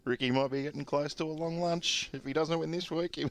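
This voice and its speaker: A man hosting a casual sports chat, asking questions and reacting quickly. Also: on the high side, fairly even intonation. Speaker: host.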